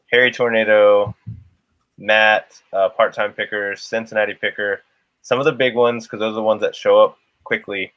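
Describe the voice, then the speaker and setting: Low-voiced man hosting a casual stream. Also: a bit bright, no echo, muffled recording. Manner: rambling, conversational. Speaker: livestream host. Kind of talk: casual chat.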